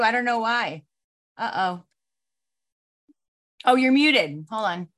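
A woman's voice: a little high, sing-song, unhurried, long pauses, a bit bright. A woman hosting an online training call, upbeat and chatty, speaking through a computer mic. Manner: upbeat, chatty, flustered by tech trouble.

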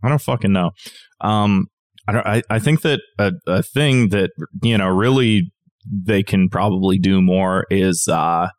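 A man's voice: deep voice, unhurried, dry recording. Man, podcast co-host, casual rant, profane, dry close sound. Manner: profane, ranting, exasperated. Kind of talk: casual chat.

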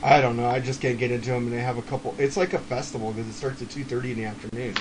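A middle-aged man co-hosting a podcast, chatting casually about rock bands in a relaxed, rambling way, with frequent chuckles. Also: medium pitch, rapid-fire, noisy background. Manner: laid-back, rambling, chuckles often. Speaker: podcast co-host.

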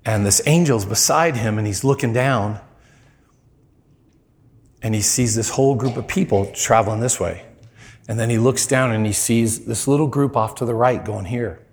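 Male preacher, church sermon, animated storyteller who leaps high for quoted lines. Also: normal speed. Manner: animated storyteller, voice jumps high when quoting people.

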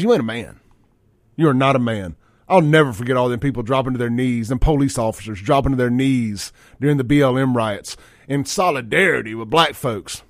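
A man hosts a talk radio show in a blunt, folksy, fired-up way. His voice sits in a middle pitch. The studio sound is dry and close. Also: no room sound.

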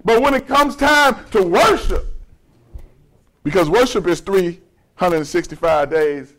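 High-voiced folksy male pastor preaching. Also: expressive, a little slow, a bit bright. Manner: conversational, folksy preaching with humor and call-and-response. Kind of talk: sermon.

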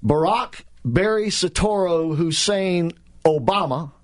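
A man's voice: sits high, expressive, slow. A man hosting political talk radio, speaking in a sarcastic, heated way with many restarts and repeated words.

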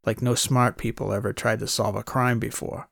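A man's voice: fairly low pitch, level tone, moderate pace, gravelly, dry recording, studio quality. A man giving first-person audiobook narration in a wry, conversational private-eye voice.

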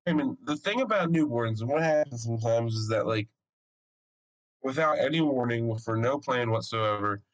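A young man with a mid-range voice co-hosts a podcast, telling a story in an easygoing chat that's animated, profane and full of laughter. It's a rough recording.

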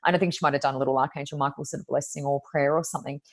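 This woman is a medium appearing as a guest on a podcast, speaking in a low voice with fairly even intonation at a rapid-fire clip. Her conversational stories ramble along in a chatty way, packed with ums and likes.

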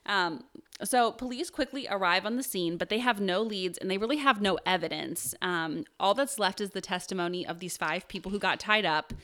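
A woman's voice: mid-range voice, moderate pace, pushed and bright. A young woman hosting a podcast, telling a true crime story in casual chat, with many fillers. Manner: chatty, lots of fillers and "like". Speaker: podcast host.

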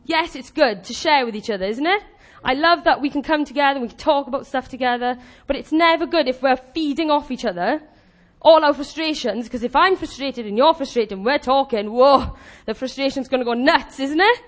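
A woman preaching a sermon in a chatty, animated way, laughing often and acting out the voices of the people she quotes. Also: sits high, a little fast, few pauses.

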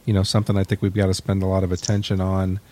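A man with a slightly low voice co-hosts a casual podcast. He talks in a relaxed, joking way and rambles a little, with plenty of fillers. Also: very fast. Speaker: podcast co-host.

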